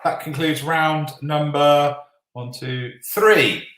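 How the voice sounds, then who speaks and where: Slow-talking man hosting a quiz. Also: on the high side, steady tone, a bit bright. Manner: jokey, swears then apologises, reads answers slowly. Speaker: quiz host. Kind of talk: live online quiz hosting, casual banter. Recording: echoey room.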